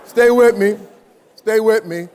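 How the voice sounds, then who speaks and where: A man giving an animated, emphatic talk to a live audience of students, repeating phrases and questioning the crowd. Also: high-pitched, slow pace, clean tone. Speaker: speaker addressing students. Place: large hall. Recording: reverberant hall.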